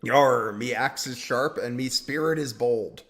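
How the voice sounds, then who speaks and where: A man voicing an eager pirate brigand, reading game dialogue aloud in a drawn-out, hearty pirate drawl. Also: mid-range voice, fairly bright tone, soft background music, close to an everyday voice.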